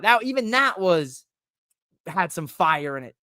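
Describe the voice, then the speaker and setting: Animated, swearing wrestling podcast host. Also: male voice, high-pitched, moderate pace, no echo, studio quality. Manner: animated, profane, joking, frequent impressions. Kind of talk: casual wrestling recap rant.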